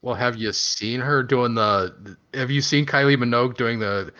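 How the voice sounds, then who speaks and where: A man's voice: mid-range voice, moderate pace, bright, forceful tone, highs cut off. A man hosting a casual chat, joking and teasing. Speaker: podcast host.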